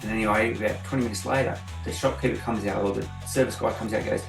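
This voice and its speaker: A man's voice: fairly low pitch, steady tone, quick pace, creaky. A man with an Australian accent, a guest telling rambling stories in a casual interview. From Seven Hills, Sydney, Australia. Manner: rambling anecdotal storyteller, acts out quotes. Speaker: guest graffiti artist. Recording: roomy, distant mic with faint music.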